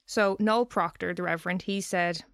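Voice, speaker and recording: A woman's voice: lowish voice, fairly even intonation, moderate pace, clear, resonant tone, no room sound, studio quality. A woman co-hosting a podcast, telling a story in a loose, chatty way and swearing casually. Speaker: podcast co-host.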